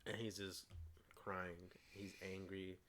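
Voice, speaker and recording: Eager man retelling a movie, low voice. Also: level tone, takes it slowly, a bit bright. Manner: eager, retells scenes with acted-out quotes; frequent restarts and stumbles. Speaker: co-host of a movie review show. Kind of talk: casual movie review chat.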